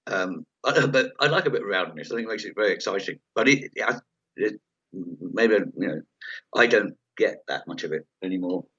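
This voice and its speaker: A man's voice: on the low side, moderate pace, slightly rough. Rambling man telling a story. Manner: rambling, animated, acts out quoted voices. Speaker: comedian guest. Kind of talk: anecdotal storytelling in an interview. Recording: dull lo-fi audio.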